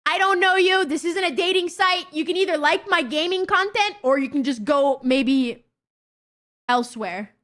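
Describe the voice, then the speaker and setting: A young woman streamer chatting casually with her viewers, blunt, excitable and swearing constantly. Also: very high-pitched, moderate pace. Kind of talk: casual livestream chat with viewers.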